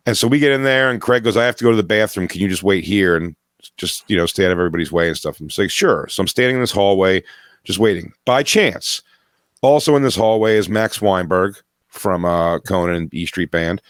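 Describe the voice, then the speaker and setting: A man's voice: low-pitched, a little fast, dry recording, clean studio sound. A man hosting a podcast, chatting casually and wryly, telling a rambling story. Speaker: podcast host. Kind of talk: casual chat.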